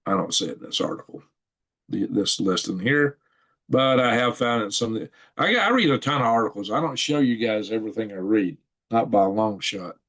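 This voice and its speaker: A man's voice: fairly low pitch, expressive, fairly quick, fairly bright tone. A man hosts his channel, reading news articles off a shared screen and commenting in a rambling way, chuckling and thinking aloud as he goes. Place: at home at a computer.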